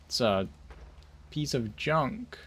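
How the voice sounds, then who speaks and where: A man streams himself playing a game, chatting casually and rambling with his viewers while adding jokey asides. His voice is medium-pitched, a bit bright and slightly rough, animated but slow-paced.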